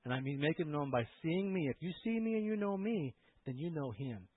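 A man preaching a sermon as pastor, swinging from loud impassioned preaching to quiet storytelling. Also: fairly high pitch, sing-song, a little fast, breathy edge, dry recording. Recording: tinny phone-like sound, dry.

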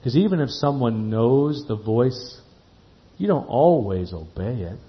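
A man's voice: mid-range voice, unhurried, dull audio. A man preaching a sermon to a congregation, acting out little dialogues and asking the listeners one question after another. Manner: animated storytelling, acts out dialogue, asks the congregation questions. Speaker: pastor.

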